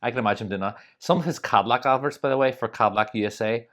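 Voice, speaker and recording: A woman's voice: rumbling low, very fast. A woman co-hosting a podcast, telling stories in a chatty way with many asides. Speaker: podcast co-host. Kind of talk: casual chat.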